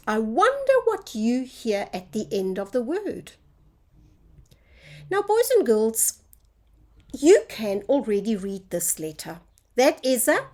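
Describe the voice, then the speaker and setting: A woman's voice: a little high, big pitch swings, a little slow. A woman teaching a phonics lesson to young children, drawing out each sound in a sing-song teacher voice.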